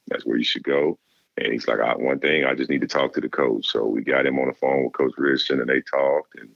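Brief: middle-aged male guest, extremely deep gravelly voice, dry dull lo-fi sound. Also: no room sound. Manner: relaxed storyteller, acts out quoted dialogue. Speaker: former player, guest. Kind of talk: casual interview storytelling.

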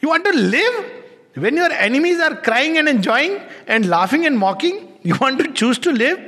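Male lecturer, high voice, chuckles between lines, explains as he reads, long hall reverb. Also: sing-song, normal speed, sharp tone. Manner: laughs often, stops to explain. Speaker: teacher. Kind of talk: lecture with poetry readings.

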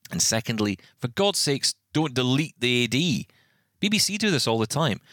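A man's voice: mid-range voice, sing-song, normal speed, fairly bright tone, no echo, clean studio sound. A man co-hosting a podcast, ranting animatedly in casual chat, often restarting his sentences. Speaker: podcast co-host.

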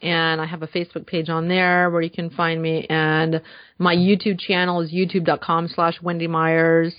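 A woman's voice: lowish voice, level tone, normal speed, no echo. A woman speaking as a guest in a casual podcast interview, earnest and enthusiastic, with frequent fillers. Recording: dull slightly lo-fi dry sound.

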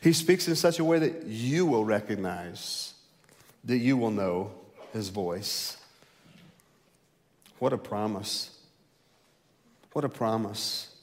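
A male pastor preaching a sermon, rising loud and high to stress a point, then dropping low and slow. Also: lively intonation. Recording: long hall reverb.

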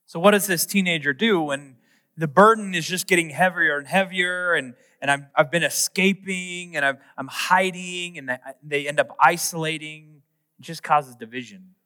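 A man's voice: on the high side, moderate pace, pushed and bright. A man preaching a sermon as a pastor, talking in a conversational, self-mocking way with playful asides. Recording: echoey hall with long reverb.

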